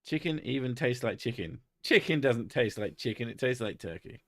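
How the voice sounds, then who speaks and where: A man's voice: medium pitch, expressive, moderate pace, dry recording, clean studio sound. A man streaming and chatting casually, joking crudely and swearing often. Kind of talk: casual chat.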